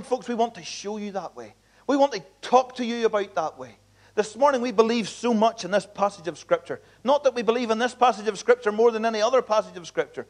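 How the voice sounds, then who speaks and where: Male pastor, high voice, emphatic earnest sermon delivery. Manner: earnest, emphatic preaching with repeated appeals. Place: church.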